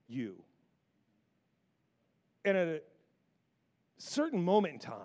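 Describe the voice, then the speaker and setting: High-voiced preaching man, animated. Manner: animated, repetitive preaching with rising emphasis. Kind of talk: sermon.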